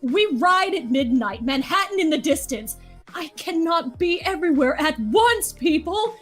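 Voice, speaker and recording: A woman's voice: high-pitched, expressive, measured pace, fairly bright tone, soft background music. A woman voicing a weary adult male general leading outnumbered troops, delivering the lines in a rhythmic, rap-like way. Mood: urgent. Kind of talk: live dramatic read-through of a musical.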